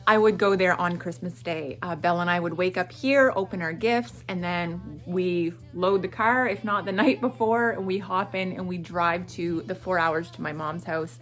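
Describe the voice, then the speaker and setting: A middle-aged woman from Atlantic Canada chatting through a morning vlog in an animated way. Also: lowish voice, moderate pace, few pauses. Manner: animated and chatty, with frequent laughs and self-talk asides. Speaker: vlogger.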